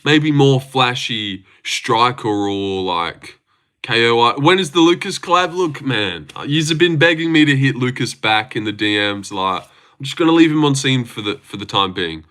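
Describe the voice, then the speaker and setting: A man's voice: medium pitch, lively intonation, moderate pace, a bit bright. A young man hosting a casual livestream, teasing his chat with self-mocking banter. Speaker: livestream host.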